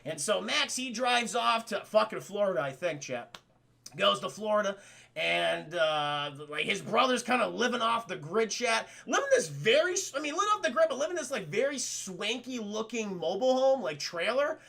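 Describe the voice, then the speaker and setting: Very high-pitched, gravelly-voiced man. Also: big pitch swings, normal speed, pushed and bright. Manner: rambling, profane, addresses chat often, laughs a lot. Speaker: film reviewer streaming to chat. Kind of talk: casual spoiler review chat.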